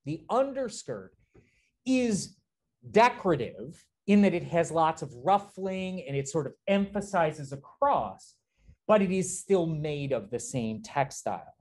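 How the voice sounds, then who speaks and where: A man's voice: fairly high pitch, very animated, unhurried, darkish tone. A man giving a live class lecture on slides, enthusiastic, often pointing things out and checking in with the listeners, and answering student questions conversationally. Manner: enthusiastic, keeps prompting listeners with "notice" and "right?". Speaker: lecturer on fashion history.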